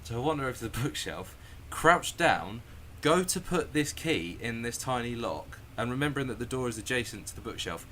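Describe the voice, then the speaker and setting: A man telling a story casually, animated and sweary, often laughing and acting out the scenes. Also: medium pitch, brisk, hardly any pauses.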